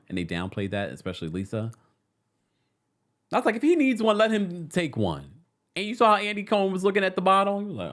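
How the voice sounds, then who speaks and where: A man's voice: fairly low pitch, a bit bright. A man hosting a casual live-stream recap from New York City, chatting and reading viewer comments aloud with frequent laughs.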